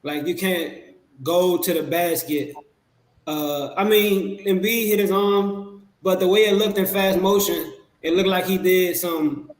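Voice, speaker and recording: A man as a podcast guest, talking basketball in a relaxed, rambling way with many fillers and restarts. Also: sits high. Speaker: podcast guest, Sixers fan. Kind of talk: casual sports talk. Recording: echoey room.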